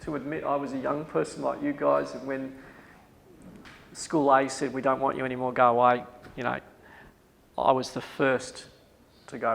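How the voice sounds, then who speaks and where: Australian man lecturing with gravelly voice. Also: mid-range voice, level tone, normal speed, a bit bright, long reverb tail, a little hiss or hum, low-quality recording. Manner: emphatic, repeats key advice. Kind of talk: workshop lecture.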